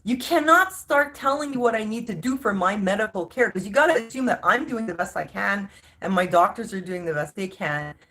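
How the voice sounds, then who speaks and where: A woman of ordinary pitch talks straight to her viewers in a casual storytelling rant. She sounds exasperated and emphatic, often restarting her sentences as she goes. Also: brisk, fairly bright tone. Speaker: vlogger.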